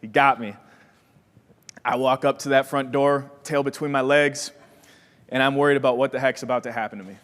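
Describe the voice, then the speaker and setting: A young man from Wisconsin giving a motivational talk as keynote speaker, an energetic storyteller who acts out the voices in his story. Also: mid-range voice, a little fast, long pauses. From Wisconsin, USA. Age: young adult. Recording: long hall reverb.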